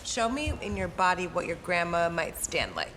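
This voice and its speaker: A woman's voice: lowish voice, very animated, normal speed. A woman poetry coach giving direct, demanding instructions in rehearsal. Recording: noisy room, mic from afar.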